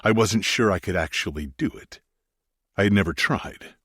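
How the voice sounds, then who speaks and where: A man's voice: lowish voice, normal speed, fairly bright tone, slightly rough, no echo, clean studio sound. A man narrating a first-person romance audiobook in an intimate, brooding way.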